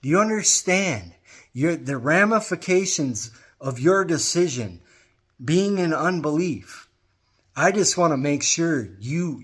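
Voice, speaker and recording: A man's voice: on the high side, husky. A man preaching an informal gospel message, earnest and urging, often repeating his phrases to drive them home. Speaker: street preacher.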